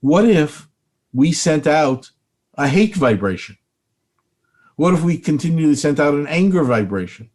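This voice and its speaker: A man's voice: a little high, sing-song, a little slow, long pauses, darkish tone. An older man, a rabbi and spiritual teacher, speaking earnestly in an interview and repeating phrases for emphasis.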